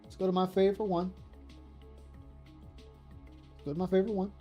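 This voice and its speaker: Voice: medium pitch, little pitch movement, moderate pace, highs cut off, soft background music. Profane, scornful commentary ranter. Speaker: commentary streamer. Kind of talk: angry reaction rant.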